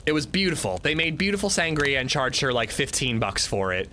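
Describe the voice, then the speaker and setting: Animated, bright-voiced man ranting. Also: medium pitch, brisk, slight background noise. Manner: indignant, animated ranting storyteller. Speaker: livestreamer playing a survival game. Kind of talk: casual livestream chat. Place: room in his home.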